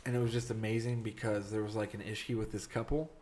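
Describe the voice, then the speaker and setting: A man's voice: on the low side, flat delivery, quick pace, darkish tone. Man chatting and laughing through a story. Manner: laughs often while telling stories. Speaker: podcast co-host. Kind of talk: casual chat.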